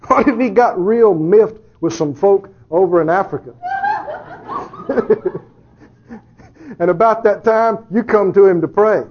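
A man's voice: sits high, husky, lo-fi sound. A man preaching a sermon who jokes with the congregation, chuckles often, and asks rhetorical questions.

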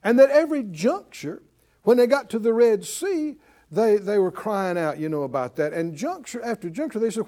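A male preacher delivering a broadcast sermon. His voice sits high and moves all over the place. He rises into emphatic near-shouts and then drops back down to reason with the listener. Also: normal speed. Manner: animated, rising to emphatic shouts.

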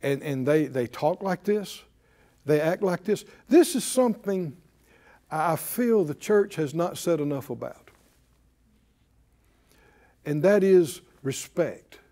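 A man's voice: sits high, warm tone. A man teaching a Bible study, emphatic and full of rhetorical questions to his listeners.

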